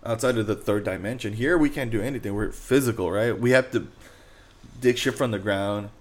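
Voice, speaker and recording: A man's voice: lowish voice, a little fast. A young man co-hosting a podcast, rambling in a laid-back, casual way, swearing often and calling his friend "bro" and "dude". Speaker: podcast co-host. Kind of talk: casual chat.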